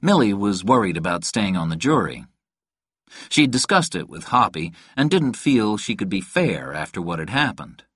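A man reading a novel aloud in a calm, even storytelling manner. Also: lowish voice, moderate pace, slightly rough, no room sound, studio quality. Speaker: audiobook narrator. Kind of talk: scripted narration.

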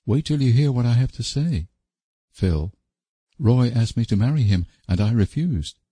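A man's voice: mid-range voice, lively intonation, normal speed, warm tone, husky, dry recording, voice pushed up. A man reading an audiobook voices a young woman who pleads desperately in a raised voice. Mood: tense. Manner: pleading, breathless refusals. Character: young woman, earnest and distraught.

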